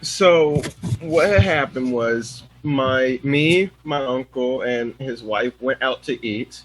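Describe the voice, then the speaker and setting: A man's voice: mid-range voice, slow pace, rough recording. A young man, a student in class, explaining himself hesitantly with many fillers and apologies. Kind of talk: classroom talk.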